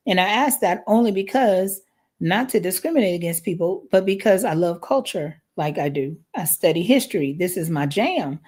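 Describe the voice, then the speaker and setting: An American woman hosts a live parenting podcast with a low-pitched voice. She talks in a relaxed, conversational way, often ending points with "right?" to check in with listeners. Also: moderate pace. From United States. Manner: conversational, frequent "right?" tag questions.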